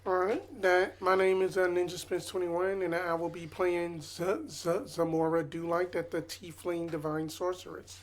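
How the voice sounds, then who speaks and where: A man's voice: high voice, flat delivery, moderate pace, few pauses. A man playing in a casual tabletop game, easygoing and stumbling over his words a little. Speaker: player.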